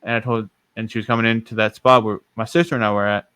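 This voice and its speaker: A man's voice: fairly low pitch, level tone, quick pace, fairly bright tone, clear, resonant tone, dry recording. A young man hosting a podcast, telling a personal story in a rambling, self-correcting way. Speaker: podcast host. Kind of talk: casual storytelling.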